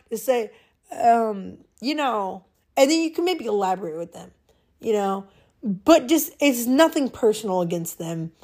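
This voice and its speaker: Chatty giggly young woman podcaster. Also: fairly high pitch. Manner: chatty, giggly, slangy, animated. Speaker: podcast host. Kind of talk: casual solo podcast chat.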